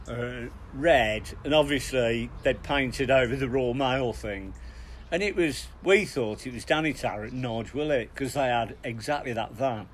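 A middle-aged man, co-hosting a podcast and telling lively, chuckling anecdotes with plenty of restarts. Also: mid-range voice, a little hiss or hum. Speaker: podcast co-host. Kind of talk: casual storytelling.

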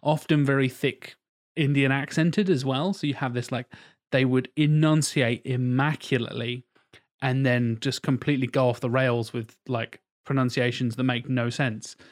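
A man's voice: mid-range voice, fairly even intonation, moderate pace. Rambling casual male podcast co-host. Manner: rambling, swears, many fillers. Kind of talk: casual chat.

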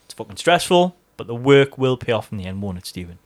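A man with a North East English accent chatting as a podcast co-host. He talks at a middling pitch, swears freely and keeps the jokes and teasing going. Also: sing-song, fast. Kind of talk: casual podcast banter.

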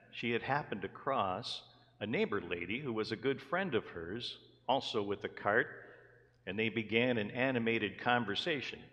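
Male pastor, deep voice, earnest sermon delivery, scripture reading and storytelling, long church reverb. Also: sharp tone. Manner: reads scripture, then tells stories in an earnest preaching voice. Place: church sanctuary.

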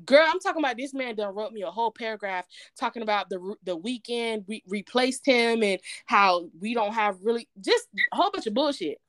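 Brief: woman co-host, lively storyteller, high-ish voice, dry close sound. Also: a little fast, few pauses, dry recording. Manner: animated storyteller, quotes others in dialogue. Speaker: podcast co-host. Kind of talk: casual chat, storytelling.

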